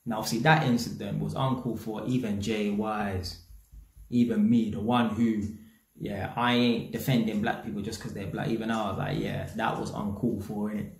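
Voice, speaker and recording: A man from England with a London accent rants bluntly at his audience as a YouTube commentator, full of slang and swearing freely. His voice sits lowish with a steady tone and moderate pace, and the room sounds echoey.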